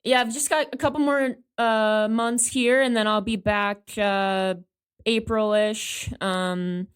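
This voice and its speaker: A woman coach chats as a podcast guest. Her voice is smooth and resonant, and her talk is friendly with a few fillers. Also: a little high, fairly even intonation, takes it slowly. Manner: friendly and upbeat, with some fillers. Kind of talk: casual interview chat.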